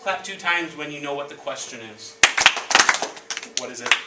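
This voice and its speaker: A man teaching a class of children, leading the lesson with energetic call-and-response prompts. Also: fairly high pitch, moderate pace. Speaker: elementary school teacher. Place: elementary school classroom. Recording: echoey classroom, distant mic, background noise.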